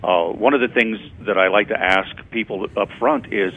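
A man's voice: on the low side, steady tone, moderate pace, few pauses. A man speaking as a guest on a radio talk show, telling stories in a conversational way and acting out quoted lines. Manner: conversational storyteller, acts out quotes. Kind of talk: radio interview, anecdotal explaining. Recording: tinny phone-like radio sound.

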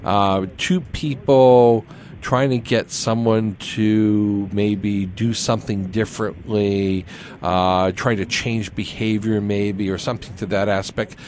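Low-voiced male radio host. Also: steady tone, slow pace, a little mellow, a little hiss or hum. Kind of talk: radio interview.

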